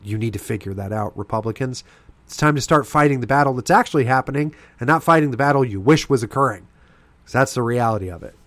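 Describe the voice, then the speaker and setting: A man from the East Coast hosts a political talk podcast, ranting with heated indignation. His voice sits at an ordinary middle pitch. The recording is close and dry, with no room sound. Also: quick pace, fairly bright tone, dry recording. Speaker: podcast host. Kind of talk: political commentary monologue.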